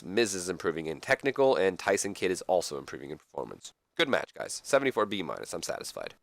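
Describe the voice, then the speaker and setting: Low-voiced man rambling over a game. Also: a bit bright, no room sound, studio quality. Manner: rambling, self-correcting, talks to viewers. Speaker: gaming channel host. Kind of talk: casual game commentary.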